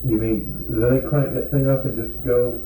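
A man's voice: medium pitch, little pitch movement, normal speed, creaky, mellow, a little hiss or hum. A man interviewing a farmer, asking short, curious follow-up questions. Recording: roomy, distant from the mic.

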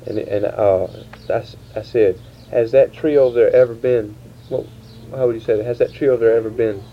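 Man asking dialect questions, halting, on a muffled old tape. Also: mid-range voice, steady tone. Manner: halting, restarts, slow quoted prompts. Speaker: interviewer. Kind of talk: dialect interview, grammar questions. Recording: dull lo-fi tape with faint hiss.

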